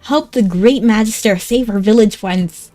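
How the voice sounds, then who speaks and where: A woman's voice: medium pitch, a little slow, warm tone, faint music behind, close to an everyday voice. A woman voicing a small, earnest village girl who lost her cat and asks for help. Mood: pleading. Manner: earnest, pleading.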